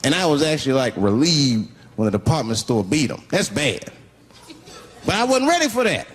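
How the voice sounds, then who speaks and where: A man doing stand-up comedy, animated and laughing as he acts things out. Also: mid-range voice, moderate pace, a little hiss or hum. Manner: animated, laughing, acting out voices.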